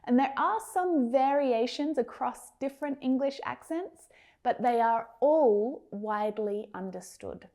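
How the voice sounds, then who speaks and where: A woman with an Australian accent teaching English pronunciation in a scripted lesson. She enunciates single words clearly and carefully and speaks directly to her learners in an encouraging way. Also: fairly high pitch, lively intonation, a little slow, mellow.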